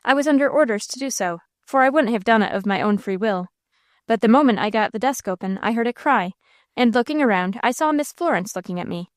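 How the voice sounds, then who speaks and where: A woman's voice: a little high, animated, a little fast, no echo, clean studio sound, natural voice. A woman voicing an honest teenage street boy in an audiobook, answering plainly and stubbornly. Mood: earnest.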